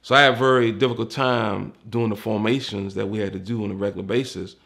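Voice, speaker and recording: Gravelly DC man telling a candid story. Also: lowish voice, steady tone, fast, fairly bright tone. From Washington, DC. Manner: candid and profane, acts out the people he quotes. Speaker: retired homicide detective recounting his career. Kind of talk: casual personal storytelling.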